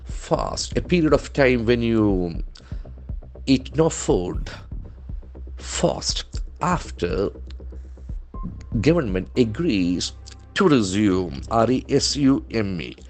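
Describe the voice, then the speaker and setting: A man's voice: mid-range voice, sing-song, slow pace, long pauses, darkish tone, faint music behind. A man teaching vocabulary from newspaper headlines, spelling words letter by letter and modeling their pronunciation. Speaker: English trainer.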